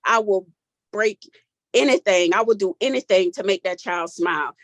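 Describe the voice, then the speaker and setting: A woman's voice: mid-range voice, normal speed, no echo. Emotional woman, voice cracking. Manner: candid, emotional, casual Southern-tinged speech. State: voice cracking, holding back tears. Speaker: guest sharing her story. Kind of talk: personal testimony in a group talk.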